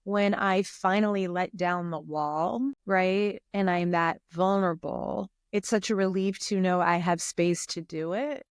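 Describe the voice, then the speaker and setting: A woman talking as a podcast guest in a casual conversation, expressive and emotional, speaking openly about personal feelings. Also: fairly low pitch, unhurried, hardly any pauses, clear, resonant tone, dry recording, studio quality.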